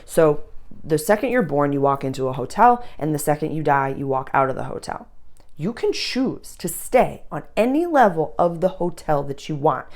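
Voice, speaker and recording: A woman's voice: sits low, big pitch swings, normal speed, darkish tone. A woman astrologer giving a casual, chatty reading for the signs, loose and full of fillers.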